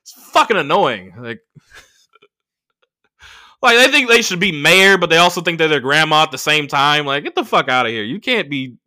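A young man hosting a podcast, talking in a high, swooping, very bright voice. He tells a rambling dating story and curses freely. He acts out each person's lines in the story. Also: moderate pace, pauses often. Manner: profane, animated, acts out quoted voices. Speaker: podcast host. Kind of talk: casual storytelling monologue.

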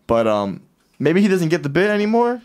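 A man's voice: fairly high pitch, sing-song, a little fast, darkish tone. A man hosting a podcast in casual chat, telling stories animatedly and acting out other people's lines. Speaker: podcast host.

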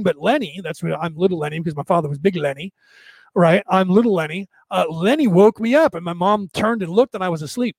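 A man's voice: sits high, brisk, darkish tone, husky, dry recording. A man casually telling stories and explaining ideas to viewers, rambling and often checking in with "right?". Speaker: spiritual talk host answering viewers.

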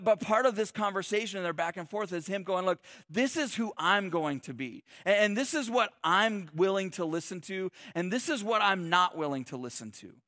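A man's voice: sits high, a bit bright, no room sound, clean studio sound. A man preaching a sermon in a loose, conversational way, joking and restarting his sentences often. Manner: conversational and humorous, many restarts and "like". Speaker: pastor.

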